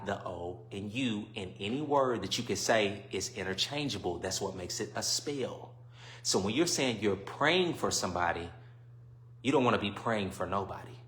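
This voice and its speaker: Guy preaching on his live, lowish tense voice, keeps going "you see what im saying", echoey room. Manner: swings between quiet musing and loud preaching bursts. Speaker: livestream host. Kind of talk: preachy livestream monologue.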